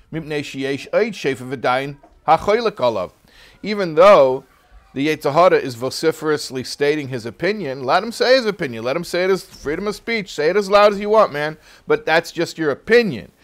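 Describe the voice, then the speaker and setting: A man's voice: a little high, lively intonation, normal speed. A man teaching a religious text class in a casual, joking storytelling manner.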